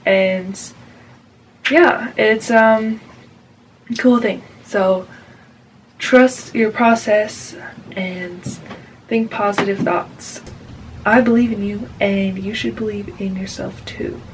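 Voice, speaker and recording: A woman's voice: medium pitch, fairly even intonation, slow pace, pauses often, a little hiss or hum. A young woman narrating her sewing project in a chatty, upbeat way, with giggly asides. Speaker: sewing vlogger. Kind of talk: casual sewing vlog narration.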